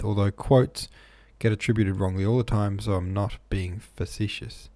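A man hosting a podcast in a relaxed, chatty way, reading out listener comments with frequent ums, troubled by hiccups. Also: lowish voice, moderate pace, hardly any pauses. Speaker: podcast host.

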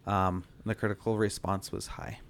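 A man's voice: on the low side, flat delivery, moderate pace, gravelly, a little hiss or hum. A man hosting a casual movie podcast, laughing easily and talking with many fillers. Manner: laughs often, loose with fillers. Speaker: podcast host.

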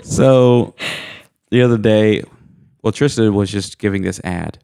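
A man's voice: fairly low pitch, a little slow, gravelly, dark tone, smooth, no room sound, studio quality. A man co-hosting a podcast, chatting casually and telling goofy, self-mocking stories. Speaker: podcast co-host. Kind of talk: casual chat.

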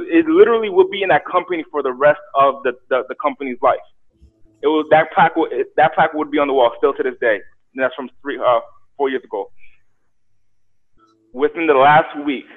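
A young man telling a story casually, animated, acting out quotes and repeating words. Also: a little high. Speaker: guest telling his story. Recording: tinny phone-like sound.

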